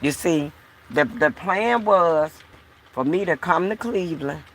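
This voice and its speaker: A woman's voice: sits low, lively intonation, measured pace, a little hiss or hum. A woman vlogger talking to her viewers in a casual, frustrated, repetitive way. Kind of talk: casual talk to camera.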